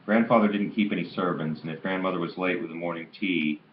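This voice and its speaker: A man's voice: low-pitched, fast. A man reading a novel aloud in an amateur way, stumbling and restarting on some words, on a dull lo-fi recording with faint hiss. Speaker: audiobook reader.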